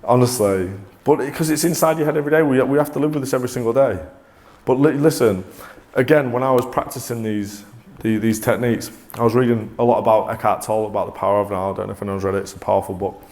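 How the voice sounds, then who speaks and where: A man presenting a motivational talk to a live audience, energetic and coaxing, often restarting mid-sentence. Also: medium pitch, quick pace, hardly any pauses. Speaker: corporate presenter.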